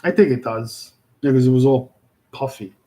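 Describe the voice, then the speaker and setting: A man's voice: medium pitch, moderate pace, warm tone, poor audio. A man with a Brooklyn accent chatting casually and rambling with viewers on a livestream, full of fillers and restarts. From New York. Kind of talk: casual live chat.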